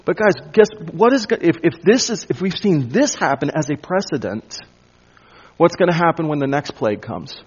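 A man's voice: a little high, animated, normal speed, breathy edge. Emphatic preacher man, lo-fi sound. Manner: emphatic, drops to a hush for weight. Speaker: pastor. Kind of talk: expository sermon.

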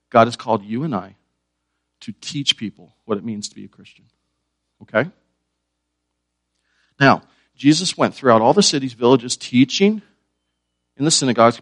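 A man's voice: medium pitch, no echo. Man, pastor, sermon, questions to the congregation, dry sound. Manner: asks the congregation questions, repeats key words.

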